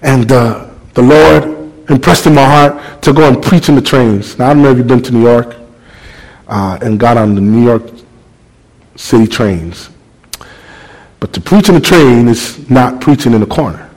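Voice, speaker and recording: A man preaching a sermon, telling a story with lively, animated delivery that climbs toward near-shouting. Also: medium pitch, moderate pace, poor audio. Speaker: pastor.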